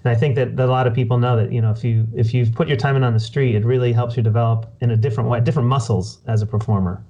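A man hosting a casual interview, talking in a relaxed, reflective way. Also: medium pitch, very fast, highs cut off. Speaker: podcast host.

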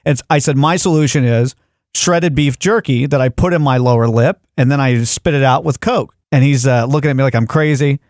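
A man's voice: mid-range voice, fairly quick, darkish tone, no room sound, clean studio sound. A man hosting a comedy podcast, telling a rambling story in casual chat with many restarts. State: groggy, a little delirious.

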